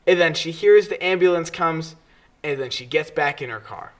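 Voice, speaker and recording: Animated young man telling stories. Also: fairly high pitch, moderate pace. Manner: animated storytelling, swears freely, mimics people. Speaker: podcast co-host. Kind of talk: casual chat.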